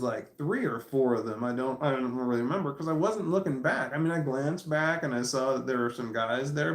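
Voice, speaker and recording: A man's voice: mid-range voice, roomy sound. A man in his forties telling a long, profane anecdote in a casual, rambling way, often breaking into laughter. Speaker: vlogger. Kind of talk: casual storytelling.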